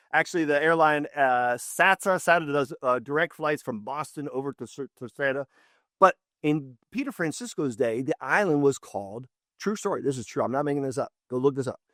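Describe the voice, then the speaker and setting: An author telling a story with lots of energy, his fairly high voice jumping up when he acts out what people said. The sound is dry and close, with no room echo. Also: fairly bright tone. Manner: enthusiastic, with big pitch jumps when quoting people. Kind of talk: casual animated storytelling.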